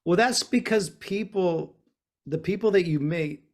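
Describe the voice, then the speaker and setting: A man with a slightly high voice chats loosely over a video call from a small bedroom. He rambles in an easygoing way, circling back with fillers and restarts. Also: unhurried. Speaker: guest guitarist.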